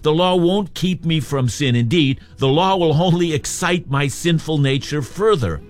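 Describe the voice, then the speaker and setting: A man teaching through a Bible passage in a measured, emphatic expository style, as on a radio Bible program. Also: a little high, expressive, soft background music. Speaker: preacher.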